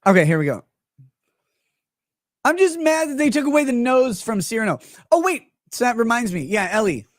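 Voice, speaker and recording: A man's voice: very high-pitched, big pitch swings, normal speed, no echo, clean studio sound. A man hosting a livestream, talking in a crude, profane, rambling way and reading out chat messages. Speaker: livestream host. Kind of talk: casual livestream commentary.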